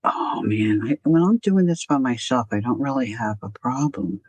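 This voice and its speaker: A woman's voice: very deep voice, animated, moderate pace, a little mellow, husky, dry recording. Chatty woman crafting on a livestream. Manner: chatty, talks to herself and greets viewers by name. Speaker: art journaling livestream host. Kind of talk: casual chat while crafting on a livestream.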